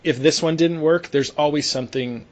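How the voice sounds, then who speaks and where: Telling a story in a laid-back podcast conversation, a young sports medicine clinician keeps restarting and using fillers. He speaks at normal speed in a voice that's a little high.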